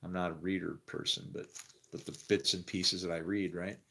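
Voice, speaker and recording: Man, lowish voice, rambling monologue, frequent laughs, trails off into mumbles. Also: flat delivery, normal speed, vocal fry, a bit bright. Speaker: storyteller.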